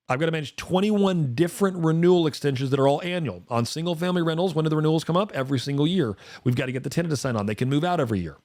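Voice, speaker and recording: A man's voice: fairly high pitch, darkish tone, no echo, studio quality. A man in his forties hosting an investing talk show, speaking emphatically and addressing his co-host directly. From rural United States. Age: 40s. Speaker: podcast host.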